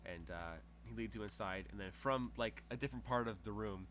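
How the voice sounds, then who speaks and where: A man's voice: on the low side, brisk, few pauses, a bit bright, a little hiss or hum. A man narrating as game master in a rambling way, with many fillers as he describes scenes.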